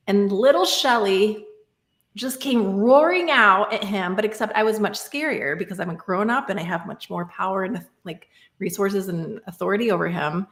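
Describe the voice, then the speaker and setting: A woman in her thirties talks through a personal story in a reflective, casual podcast conversation. She often stops to check in with "right?" and fills gaps with "like." Her voice sits in a middling pitch and rings a little in a roomy space. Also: normal speed, a bit bright. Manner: reflective, many fillers like "like" and "right?". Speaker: podcast guest.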